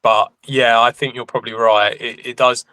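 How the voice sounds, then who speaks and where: A man's voice: medium pitch, level tone, normal speed, sharp tone, clear, resonant tone, no room sound. A man co-hosting a sports podcast, agreeing readily and hedging his views in casual chat. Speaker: podcast co-host.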